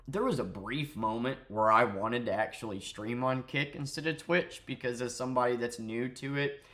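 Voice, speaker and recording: A young man delivers a heated vlog rant at a middling pitch. He swears freely and turns sarcastic, mocking his target with scornful jabs. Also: fairly bright tone. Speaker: streamer and vlogger. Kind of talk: ranting commentary vlog.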